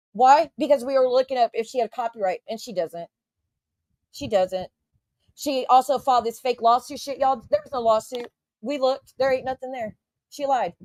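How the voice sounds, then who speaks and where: Woman streamer, indignant and foul-mouthed, talking to her chat; a little high, close and dry. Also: darkish tone, no room sound. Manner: indignant, profane, talks straight to her chat. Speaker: YouTube livestreamer. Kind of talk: casual ranting livestream.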